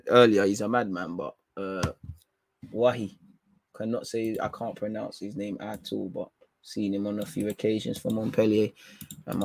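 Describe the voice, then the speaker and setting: A young man casually chats through viewer comments on a football livestream, his laid-back, slangy banter trailing off into fillers. His voice is lowish and gravelly.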